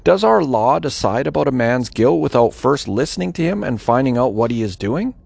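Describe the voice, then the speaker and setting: A man's voice: medium pitch, sing-song, fairly quick, creaky, a little mellow, breathy edge, no echo, heavily acted. A man voicing a cautious male elder and ruler in a scripture reading, earnest and reasoned.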